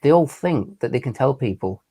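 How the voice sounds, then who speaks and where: A man's voice: mid-range voice, lively intonation, moderate pace, mellow, slightly rough. Man in casual chat, stumbling over words.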